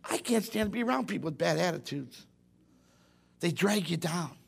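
A middle-aged preacher with a high voice for a man. He preaches in a folksy, animated way, acting out the voices of the people he talks about. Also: moderate pace, creaky, slightly rough. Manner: folksy, animated, acts out quotes. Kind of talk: sermon.

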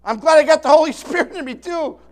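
A man's voice: very high voice, fast talker. A man in his sixties preaches with emphatic force. He restarts and repeats his words often as he goes. He keeps calling out to his listeners for a response. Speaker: pastor. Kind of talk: sermon.

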